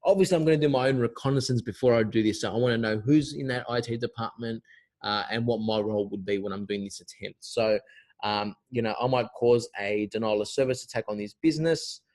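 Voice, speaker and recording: A man's voice: medium pitch, brisk, darkish tone. A man giving an informal cybersecurity lesson in a loose, chatty way, full of fillers and restarts. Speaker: cybersecurity instructor.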